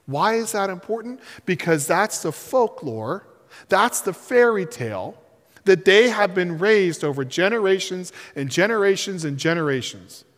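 Man, pastor preaching, high and lively voice, headset mic, long hall reverb. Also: unhurried. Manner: animated preaching, shouting and whispering for effect. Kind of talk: sermon.

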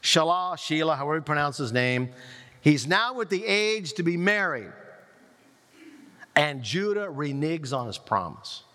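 Storytelling preacher in a reverberant hall. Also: male voice, fairly high pitch, unhurried, long pauses. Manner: storytelling, lively retelling with quoted voices. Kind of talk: sermon. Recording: long reverb of a large hall.

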